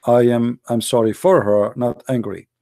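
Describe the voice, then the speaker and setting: A man's voice: medium pitch, steady tone, moderate pace, dark tone. A man talking straight to his viewers with earnest urgency, in plain non-native English, sometimes repeating words as he searches for them. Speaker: online commentator. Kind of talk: direct-to-camera monologue.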